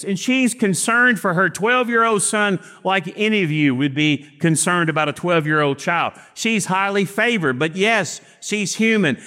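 Preacher with a ringing hall echo. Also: male voice, high voice, bright, forceful tone. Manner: storytelling with acted-out dialogue, slow emphatic phrasing. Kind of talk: sermon. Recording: long reverb of a church hall.

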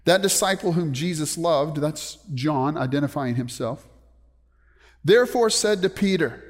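A man's voice: on the high side, lively intonation, measured pace. A man preaching a sermon as a pastor, emphatic, often putting questions to the congregation. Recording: long reverb of a large hall.

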